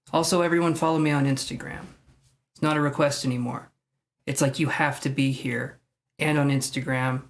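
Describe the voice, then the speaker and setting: A tarot reader hosting a casual live stream from home, chatting with viewers by name and making jokes at their own expense. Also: medium pitch. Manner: chatty and self-joking, addressing viewers by name.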